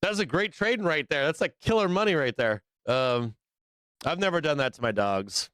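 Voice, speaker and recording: A man hosting a live trading stream, chatting casually in a profane, rambling, excitable way. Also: fairly high pitch, moderate pace, dry recording, clean studio sound. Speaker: livestream trading show host. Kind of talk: casual livestream chat.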